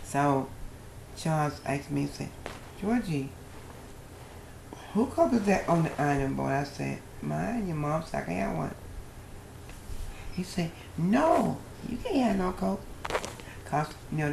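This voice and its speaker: An older woman telling a personal story as a guest, in a lively storytelling manner with a dialect grammar. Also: deep voice, a little slow, vocal fry, pauses often, echoey room, slight background noise.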